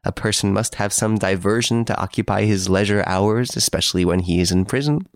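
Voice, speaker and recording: A man voicing a suave gentleman thief who mocks the detective from his prison cell, urbane and playfully boastful. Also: fairly low pitch, brisk, no echo, clean studio sound, natural voice. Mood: teasing, smug.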